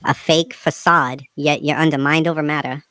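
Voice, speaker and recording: A woman's voice: low voice, fairly even intonation, fairly bright tone, no echo, poor audio. A woman with a Boston accent, ranting angrily and cursing on a livestream panel. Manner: angry, profane, rapid rants. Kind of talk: heated livestream panel talk.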